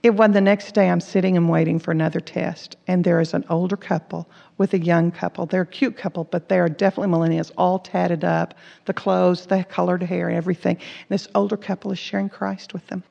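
A woman's voice: lowish voice, flat delivery, a little fast, gravelly, warm tone. A woman preaching a sermon, earnestly telling personal stories and acting out the dialogue in them. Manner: earnest, acts out quoted dialogue. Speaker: Bible teacher. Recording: echoey hall, dull lo-fi sound.

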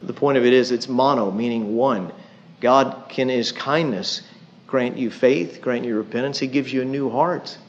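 A man's voice: mid-range voice, moderate pace, slight background noise. A middle-aged man preaching a sermon in a conversational way, with dry humor and frequent asides. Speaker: pastor. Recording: dull lo-fi sound.

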